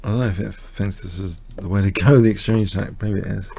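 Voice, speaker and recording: A tired man commentating his own blitz chess game live, muttering self-deprecating remarks and clearing his throat. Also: low-pitched, steady tone, quick pace, mellow, slight background noise. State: slightly exhausted, coughing. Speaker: chess streamer.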